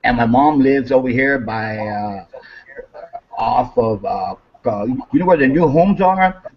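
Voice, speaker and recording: A man's voice: mid-range voice, a little slow, muffled recording. A man in casual talk telling a story, swearing freely and acting out heated quotes. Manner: animated, swears a lot, acts out quotes with raised voice.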